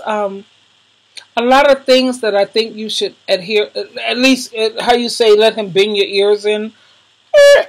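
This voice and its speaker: A woman vlogger speaks casually and effusively to her audience, emotional and full of slangy emphasis. Her voice is husky and sits a bit high. She calls her listeners darling. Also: rough recording. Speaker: YouTuber recommending videos to viewers. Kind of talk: casual vlog talk.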